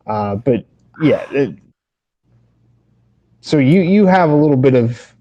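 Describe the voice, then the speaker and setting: A man co-hosting a podcast, chatting casually at a middle pitch. He rambles through his stories, swears freely and keeps breaking off to restart his sentences. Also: lively intonation, takes it slowly, warm tone, highs cut off. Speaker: podcast co-host. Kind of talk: casual chat.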